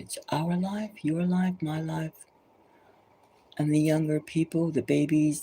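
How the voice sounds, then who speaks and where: A woman's voice: sits low, level tone, slow pace, warm tone, a little hiss or hum, low-quality recording. A woman tarot reader giving an impassioned, preachy monologue full of urgent repeated exhortations, sometimes dropping to a whisper.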